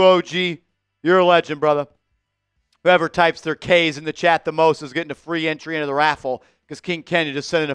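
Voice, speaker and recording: A man hosting a fan live stream, calling plays and giving chat shout-outs, bursting into shouts and sing-song calls on big shots. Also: high-pitched, clean tone, no echo. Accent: New York. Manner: shouts and sings-along on made baskets, then calmer commentary.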